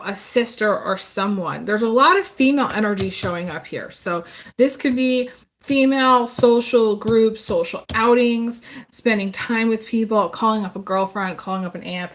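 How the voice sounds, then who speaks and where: A woman giving a casual live tarot reading, rambling and chatty, with many pauses and restarts. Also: on the high side, a bit bright. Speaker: tarot reader.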